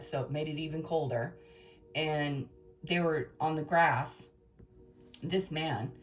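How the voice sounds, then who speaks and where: A woman with a fairly low voice tells her viewers a story in an emotional, rambling way. She is a tarot reader talking straight to her audience, and faint music plays behind her. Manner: emotional, rambling, dramatic retelling.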